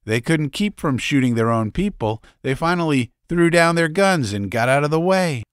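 A man voicing a gruff older revolution veteran in an audiobook, telling war stories in a deep, furry voice with boastful swagger. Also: lively intonation, moderate pace, no room sound, clean studio sound, natural voice. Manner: boastful, beer-soaked storytelling. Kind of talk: audiobook character voice.

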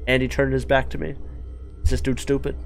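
A man's voice: mid-range voice, flat delivery, fairly quick, gravelly, faint music behind. A man giving casual, jokey let's-play commentary into a desk microphone, chatting to the characters on screen. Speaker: gaming YouTuber.

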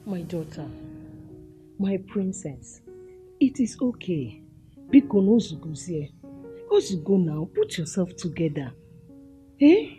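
A woman's voice: on the low side, sing-song, slow pace, pauses often. An actress with a Nigerian accent playing a persistent middle-aged mother who soothes and pleads with her daughter, with film music behind. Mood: coaxing. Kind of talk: Nollywood film acting.

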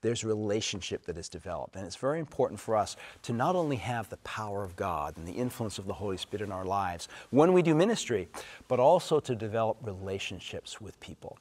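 Pastor man, lowish voice, earnest, repeats phrases to hammer the point. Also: darkish tone. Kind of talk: Bible lesson teaching. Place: church.

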